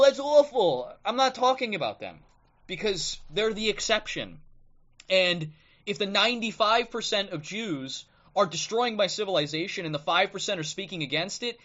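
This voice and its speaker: Pushed and bright, a slightly high male voice reaches us with its highs cut off through a streaming microphone. The speaker, a livestream host, rants bluntly and combatively, often saying "okay?", and then reads aloud from a book.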